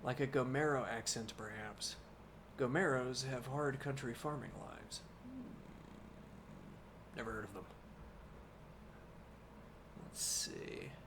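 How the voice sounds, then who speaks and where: On a live stream, a man with a medium-pitched voice reads a classic novel aloud as a bedtime story. Now and then he pauses for unhurried, musing asides to his viewers, with background noise audible.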